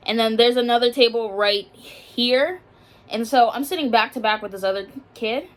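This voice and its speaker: A young woman telling a personal story in a casual, halting way, full of fillers and restarts, often subdued. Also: fairly high pitch, fairly bright tone. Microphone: phone.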